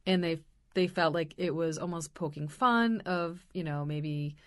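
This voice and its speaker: A woman's voice: low-pitched, measured pace. A woman co-hosting a podcast, talking casually and thoughtfully about a film, with many agreeing remarks and fillers. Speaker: podcast co-host. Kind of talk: casual chat.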